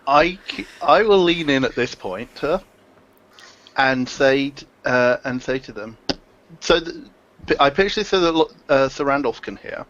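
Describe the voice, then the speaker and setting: A man playing a tabletop game, speaking haltingly with frequent restarts. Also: medium pitch, lively intonation, a bit bright. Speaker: player. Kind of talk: tabletop role-play, in and out of character. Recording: dull mic with faint hiss.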